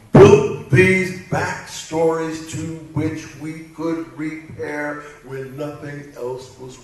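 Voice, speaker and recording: A man's voice: fairly high pitch, distant mic. An older man, a voice actor on a convention panel, telling rambling anecdotes and acting out quoted dialogue for a live audience. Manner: animated, acts out quoted dialogue, rambling restarts. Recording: echoey convention hall, picked up from afar.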